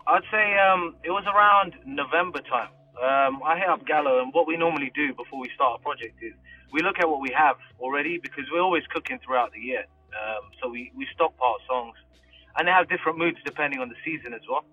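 A man's voice: a little high, quick pace, phone-quality sound. A man from the UK, a rapper guest, chatting casually and laughing easily. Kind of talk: casual interview chat.

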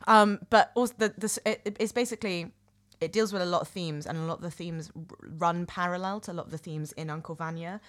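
A woman chatting casually on a podcast, recommending a film with enthusiasm and a lot of pauses and fillers. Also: on the low side, steady tone. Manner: hesitant, many fillers and restarts, enthusiastic.

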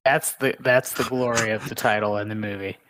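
A man's voice: fairly low pitch, steady tone, fairly quick, noisy background. A man co-hosting a casual sports talk show, with dry, sarcastic humor. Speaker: podcast co-host.

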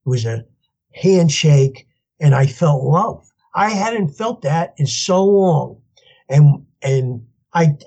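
An older man, a podcast guest telling his story in an animated way and laughing as he goes. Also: a little high, slightly rough. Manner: animated, laughs as he tells stories, acts out voices in quotes. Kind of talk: storytelling interview.

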